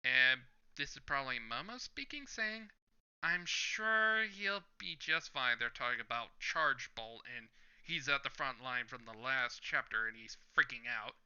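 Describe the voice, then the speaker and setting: A man's voice: medium pitch, animated, moderate pace, sharp tone, clear, resonant tone. A man hosting a manga reaction video, describing each panel in turn and reading the lines aloud in a casual way, in a slightly dull lo-fi recording. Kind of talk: casual manga read-along commentary.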